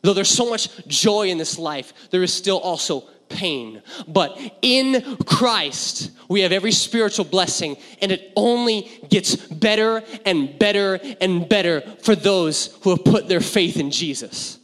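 A man delivers a sermon in a fairly high voice, shifting between playful asides and hushed, earnest passages. His voice carries a long reverb from a large hall. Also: unhurried, hardly any pauses. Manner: animated and joking, dropping to hushed intensity. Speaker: pastor.

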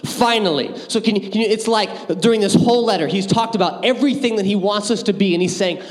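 A youth pastor with a fairly high voice preaches to students, energetic and joking, swinging into animated stories. His voice rings with the long reverb of a big hall. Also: quick pace, hardly any pauses. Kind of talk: youth sermon.

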